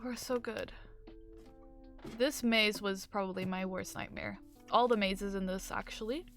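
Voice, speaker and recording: A woman's voice: mid-range voice, steady tone, a little slow, over music. A woman giving chatty, upbeat commentary on her gameplay as a gaming video host, with rambling asides. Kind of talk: casual game commentary.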